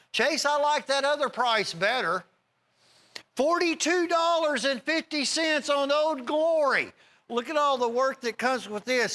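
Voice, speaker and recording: A middle-aged man hosting a TV shopping show, giving a folksy, rambling sales pitch straight to viewers. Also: bright, forceful tone. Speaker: TV shopping host.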